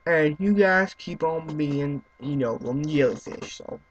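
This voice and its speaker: A young man giving let's-play commentary, excitable, swearing and yelling at other players. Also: on the high side, measured pace. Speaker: gaming YouTuber. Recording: slightly muffled with faint noise.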